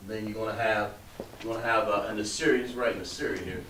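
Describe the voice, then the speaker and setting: A man's voice: on the low side, steady tone, fast, fairly bright tone. A man teaching a class, patiently coaxing students and trailing off as he writes on the board. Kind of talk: classroom instruction. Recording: roomy, distant mic with background noise.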